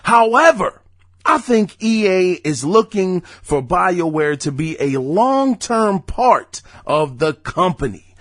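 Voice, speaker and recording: A man hosts a gaming news podcast in a loose, chatty way, throwing in emphatic asides. His voice sits high and swings widely in pitch. The sound is dry and close. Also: fairly bright tone, dry recording. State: hiccuping. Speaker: podcast host. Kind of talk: casual gaming news commentary.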